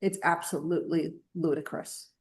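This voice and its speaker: A woman's voice: low voice, fairly even intonation, normal speed, a little mellow. A woman co-hosting a casual opinion chat, talking in a blunt, emphatic, indignant way. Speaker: podcast co-host.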